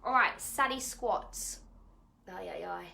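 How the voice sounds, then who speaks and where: A woman's voice: medium pitch, takes it slowly, gravelly, pushed and bright. A woman fitness coach, leading a live online workout at home in a chatty, upbeat way and laughing often. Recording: echoey room.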